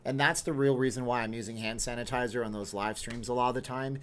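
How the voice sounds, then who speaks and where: A man's voice: mid-range voice, fairly even intonation, quick pace. Chatty man hosting a livestream. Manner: talkative, reads viewer comments aloud and answers them. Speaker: livestream host. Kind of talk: casual livestream chat.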